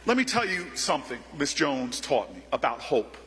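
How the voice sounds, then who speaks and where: A man's voice: fairly high pitch, sing-song, moderate pace, pushed and bright, slight background noise. A man giving an impassioned speech at an event, telling stories with rhythmic repetition. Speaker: political speaker. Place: large event hall. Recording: long hall reverb.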